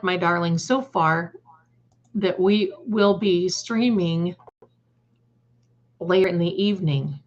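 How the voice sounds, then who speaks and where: Slow-talking woman live-stream host. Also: mid-range voice. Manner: chatty, addresses viewers with endearments. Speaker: tarot reader hosting a live stream. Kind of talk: casual live-stream storytelling. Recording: dull lo-fi stream audio.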